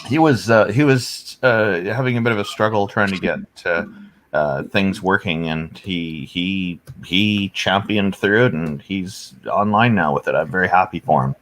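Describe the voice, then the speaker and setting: A man joining a casual stream call, cheerful and friendly, halting with fillers. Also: deep voice, a bit bright, slight background noise. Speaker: regular viewer joining the call. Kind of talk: casual chat.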